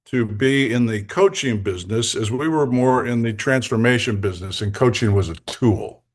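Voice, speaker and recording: An older man telling lively, jokey stories as a guest coach in an interview, laughing between lines. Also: medium pitch, normal speed. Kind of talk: anecdotal storytelling in a podcast interview.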